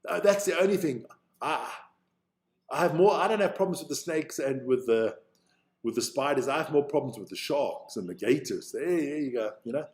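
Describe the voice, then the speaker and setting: Lively intonation colours this man's mid-range, slightly mellow voice, delivered at normal speed. He's a South African live-stream host reacting to rugby, chatting casually, thinking aloud and swearing freely.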